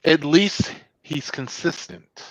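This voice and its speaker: A woman guest on a podcast, joining in with quick, teasing banter. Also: sits low, slightly rough, no echo, low-quality recording. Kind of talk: casual chat.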